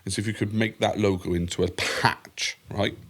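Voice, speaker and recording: A man's voice: fairly low pitch, fairly even intonation, normal speed. A man co-hosting a podcast, chatting casually, rambling and swearing a lot. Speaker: podcast co-host. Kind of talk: casual chat.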